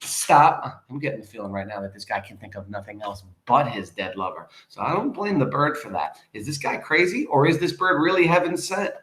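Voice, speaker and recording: A man's voice: mid-range voice, animated, fairly quick, hardly any pauses, fairly bright tone. Man teaching a poem in an echoey room. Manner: casual, conversational explanations with restarts. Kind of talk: lesson on a poem, reading aloud and explaining.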